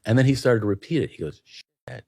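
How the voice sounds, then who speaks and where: A man who is a talk show guest, telling a comic anecdote in a deadpan way. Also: medium pitch, racing, no echo. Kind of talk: comedic anecdote.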